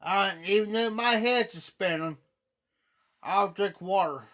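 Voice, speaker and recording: Man, Ohio accent, live-stream storyteller, unhurried, repeats himself, bright high voice. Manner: rambling, repeats himself, clears throat often. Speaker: livestream host. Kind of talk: casual storytelling chat. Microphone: phone or webcam on a live stream.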